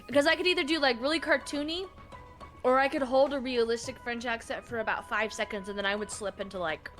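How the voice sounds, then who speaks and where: A woman chatting casually alongside a game stream, quick to laugh. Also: on the high side, fairly even intonation, fairly bright tone, faint music behind. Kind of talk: casual chat.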